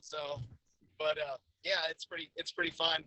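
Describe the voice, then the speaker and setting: Bright-voiced man on a robotic glitchy call. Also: fairly high pitch, little pitch movement, normal speed, no room sound, rough recording. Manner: laid-back, joking, repeats words at starts. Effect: robotic glitchy connection. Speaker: guest. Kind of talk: casual chat. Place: in a vehicle on a weak connection.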